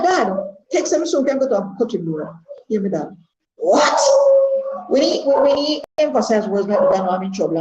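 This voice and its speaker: A woman's voice: medium pitch, mellow. A Jamaican woman of sixty-eight speaking her mind as a party member, earnest and rambling, repeating words for emphasis. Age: 60s. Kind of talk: candid testimony. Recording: echoey room, dull lo-fi sound.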